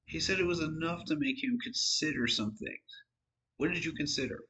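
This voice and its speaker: A man's voice: fairly high pitch, moderate pace, bright, forceful tone, poor audio. A tired man giving casual, frank football commentary on his own channel, rambling and poking fun at himself. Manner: rambling, frank, self-deprecating. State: tired, yawning. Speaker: sports fan vlogger.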